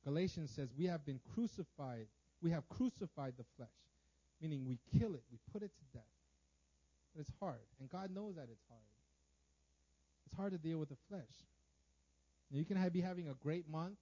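A man's voice: a little high, expressive, normal speed, long pauses, dark tone, highs cut off. A man preaching a sermon in a casual, conversational way, often repeating words and checking in with "right?". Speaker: pastor.

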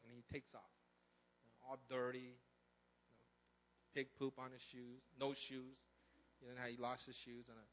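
A man preaching a sermon in a casual, animated way, asking his listeners questions and acting out the characters. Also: on the high side, dull audio. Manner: animated, conversational, acts out characters, asks the crowd questions. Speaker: pastor.

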